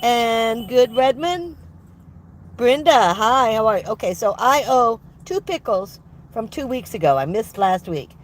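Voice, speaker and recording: An older woman with a slightly high voice, very animated and at a moderate pace, livestreams casually from her van. Stuffed up with a head cold, the van life vlogger rambles, laughs often and greets her viewers.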